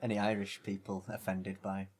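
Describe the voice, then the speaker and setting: A man's voice: deep voice, flat delivery, moderate pace, a crowd in the background. Chatty young Yorkshire man. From England. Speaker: podcast co-host. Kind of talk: casual chat.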